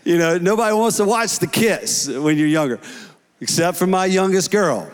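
Pastor, 30s, earnest sermon delivery, slightly high voice, long hall reverb. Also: male voice, animated, normal speed, smooth. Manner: earnest preaching, rising to shouts in prayer. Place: church hall.

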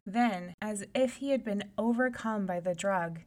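A woman reading a fairy tale aloud in an expressive, animated storytelling style. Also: mid-range voice, a little slow.

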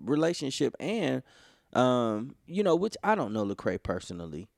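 A man's voice: mid-range voice, very animated, normal speed, gravelly, no echo, clean studio sound. A man co-hosting a podcast, talking casually and rambling with lots of "you know" fillers. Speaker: podcast co-host. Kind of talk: casual conversation.

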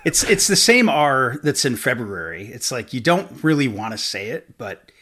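A man's voice: mid-range voice, very animated, normal speed, bright, forceful tone, breathy edge. A man in his forties from upstate New York, a podcast guest chatting casually and rambling with fillers and restarts. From upstate New York, USA.

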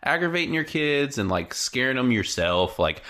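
A woman's voice: a bass voice, very animated, normal speed, a bit bright. A woman who is a parent co-hosting a casual podcast, blunt and emphatic, swearing freely. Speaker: podcast co-host. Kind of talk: casual chat.

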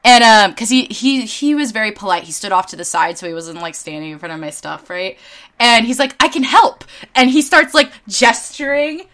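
Animated young woman, lively swearing storyteller. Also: medium pitch, normal speed. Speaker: podcast host and convention artist. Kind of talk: casual chat.

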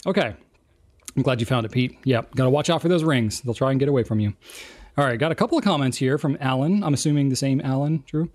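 A man's voice: mid-range voice, fast, darkish tone. A man co-hosting a casual chat, reading viewer comments aloud and joking at himself, laughing often. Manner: jokey, self-deprecating, laughs often. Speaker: co-host.

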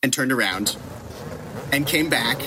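A middle-aged man, a podcast guest telling an animated, self-deprecating story and laughing at himself. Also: medium pitch, unhurried, heavy background noise. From United States.

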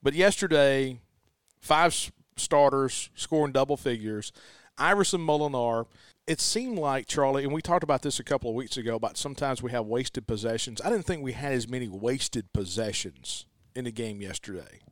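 A man's voice: mid-range voice, normal speed, no echo, clean studio sound. A man hosting a casual sports talk show, emphatic and repetitive, often saying "let me tell you".

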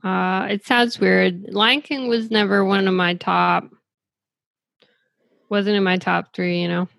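A woman chatting casually as a co-host, slow and laid-back, with a teasing edge. Her voice has a gravelly fry, and the sound is close and dry. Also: mid-range voice, steady tone, a bit bright, no echo. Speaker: podcast co-host. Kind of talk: casual chat.

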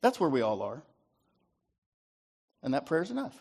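A man's voice: medium pitch, wildly swooping pitch, unhurried, darkish tone. A man preaching a sermon as pastor, asking the congregation to repeat lines back to him and tagging points with "right?". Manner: rhetorical call-and-response, repeated "right?".

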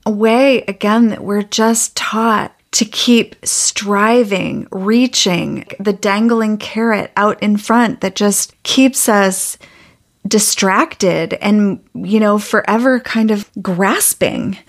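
A woman hosts a conversation podcast and reflects back on what her guest says in thoughtful, spiritual language. She speaks at an unhurried pace, and her pitch is an everyday one for a woman. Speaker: podcast host. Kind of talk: conversational interview.

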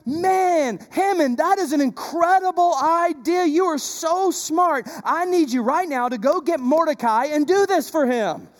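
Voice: very high voice, animated, moderate pace, few pauses, pitched above the performer's own voice. A preacher voicing a boastful ancient king in a retold story, eager and emphatic. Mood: delighted. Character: boastful male ancient king, pleased and rash.

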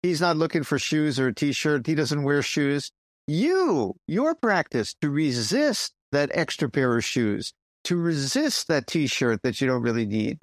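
Animated French-accented man teaching. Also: fairly high pitch, no room sound. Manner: animated, pausing to stress points. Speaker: Zen teacher. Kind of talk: conversational podcast teaching.

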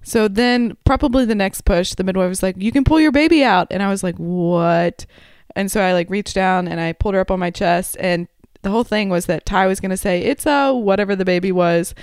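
Matter-of-fact woman, smooth voice. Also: medium pitch, quick pace, a little mellow, dry recording, clean studio sound. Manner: matter-of-fact, correcting her partner. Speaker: new mother recalling her labour. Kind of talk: casual storytelling with partner.

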